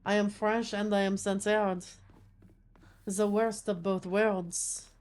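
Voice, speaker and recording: A woman's voice: medium pitch, flat delivery, takes it slowly, darkish tone. A woman chatting casually as she streams a game, rambling with lots of filler words.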